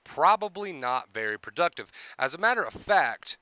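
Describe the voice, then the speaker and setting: A man coaching on anxiety in an earnest explanatory monologue, piling up rhetorical questions and tagging "right?", and clearing his throat now and then. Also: fairly high pitch, big pitch swings, moderate pace, sharp tone, no echo, dull audio. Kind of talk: explanatory self-help monologue.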